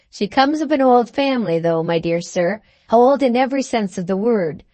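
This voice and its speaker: A woman's voice: a little high, darkish tone, no echo, close to an everyday voice. Woman doing a fussy wheedling little lawyer. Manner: wheedling, keeps saying "my dear sir". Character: fussy little male attorney, ingratiating.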